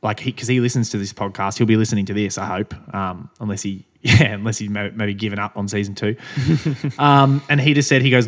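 A young man with a somewhat low voice chats on a podcast. He rambles through his stories, swears casually and laughs often. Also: fairly even intonation, a little fast, a bit bright. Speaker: podcast co-host. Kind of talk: casual chat.

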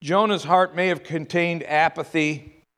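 Man, preaching a sermon, talks conversationally and asks the room questions, fairly high voice, long hall reverb. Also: steady tone, unhurried, a bit bright. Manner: conversational, repeats words, rhetorical questions.

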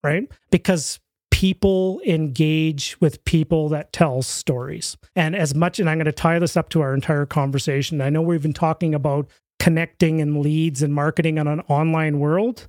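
Upbeat, higher-pitched male podcast guest. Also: moderate pace, no echo. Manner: animated storyteller, acts out quoted voices. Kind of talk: casual storytelling interview.

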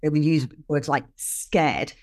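An older woman, a podcast guest explaining things earnestly with lively emphasis in casual conversation. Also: sits low, takes it slowly.

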